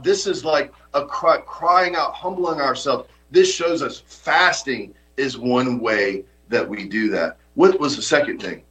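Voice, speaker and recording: Bright-voiced emphatic male pastor preaching. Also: medium pitch, measured pace, few pauses, low-quality recording. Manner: earnest, emphatic preaching with repetition. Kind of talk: sermon.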